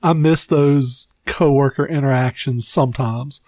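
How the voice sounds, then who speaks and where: A man's voice: medium pitch, fairly even intonation, a little slow, a little mellow, no echo, clean studio sound. A man co-hosting a podcast, joking crudely in casual chat. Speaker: podcast co-host.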